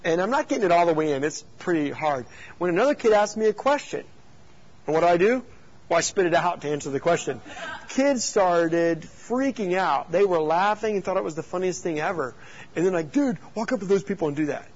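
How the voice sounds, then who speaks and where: Storytelling man with a husky voice. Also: high-pitched, brisk, dull audio. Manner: storytelling, animated and jokey, with rhetorical questions. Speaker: youth pastor. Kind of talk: teaching talk to youth leaders.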